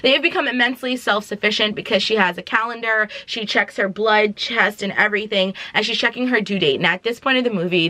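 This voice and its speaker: A woman's voice: medium pitch, pushed and bright, no room sound. A woman vlogger casually retelling a film plot, with dramatic slang-filled asides. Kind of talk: casual chatty movie recap.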